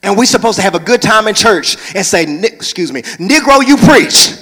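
A man preaching a sermon from the pulpit of a large church, moving between conversational talk and loud hollering. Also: high voice, expressive, moderate pace, breathy edge, long reverb tail. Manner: preaching, shifts into hollering whoops. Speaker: pastor.

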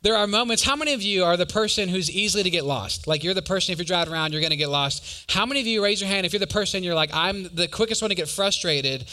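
Young man, preacher, sermon, bright voice, slightly high pitch, animated storytelling, asks audience questions. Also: rapid-fire, hardly any pauses.

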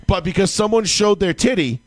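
Animated, profane man telling a story. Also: sits high, fairly quick, no room sound. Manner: animated, profane, acts out his own yelling. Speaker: podcast co-host. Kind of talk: casual sports talk storytelling.

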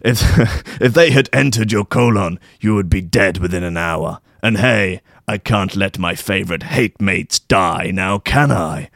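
Solemn slow hippie, low voice, a man playing him. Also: creaky, fairly bright tone, no echo, studio quality, full character voice. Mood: grave. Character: laid-back grave male hippie rescuer.

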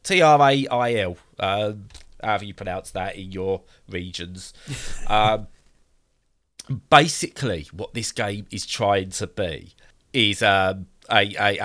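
A man's voice: lowish voice, sharp tone. A man co-hosting a casual podcast chat, rambling enthusiastically with lots of fillers and restarts. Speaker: podcast co-host.

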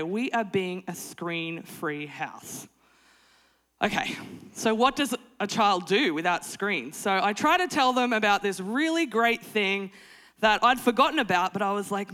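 Preaching from a conference hall stage, a woman in her thirties blends prayer with humorous family stories at a normal speed. She's animated, leaping to a high exclaiming pitch for emphasis, then going soft and low when she prays.

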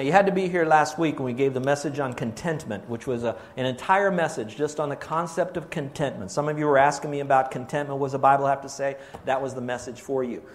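A man preaching a sermon as a pastor, conversational and emphatic, asking the congregation questions as he teaches. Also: medium pitch.

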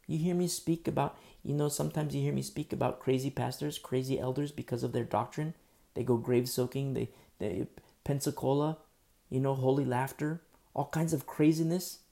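Gravelly-voiced male pastor preaching. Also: medium pitch. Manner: emphatic preaching, swings between loud bursts and hushed asides; repetitive, with frequent fillers. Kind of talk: sermon.

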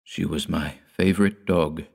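A man voicing a gentle, tearful young man who pleads softly. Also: fairly low pitch, lively intonation, moderate pace, voice pushed up. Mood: pleading.

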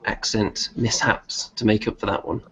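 A man's voice: on the low side, steady tone, moderate pace, fairly bright tone, faint music behind. A man from Europe co-hosting a casual wrestling chat, making dry, wry remarks. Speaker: podcast co-host. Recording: dull lo-fi audio with faint background noise.

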